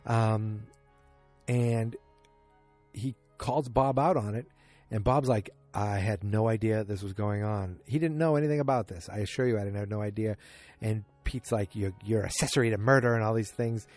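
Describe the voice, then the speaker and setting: A man's voice: fairly low pitch, moderate pace, a little mellow, faint music behind. A man hosting a podcast who recaps a show episode in a casual, rambling way, correcting himself and loosely acting out what characters said. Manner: rambling, self-correcting, acts out quotes loosely. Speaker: podcast host.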